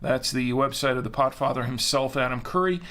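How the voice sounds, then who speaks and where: A man's voice: mid-range voice, fairly quick, fairly bright tone. A man hosting a live-streamed show, chatting casually in a rambling way and correcting himself as he goes. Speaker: host.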